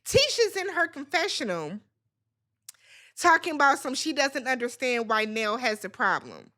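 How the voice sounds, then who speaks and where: A woman's voice: sits high, very animated, moderate pace, bright, forceful tone. A woman hosting a reality TV recap, talking casually and bluntly, swearing freely as she gives her opinions.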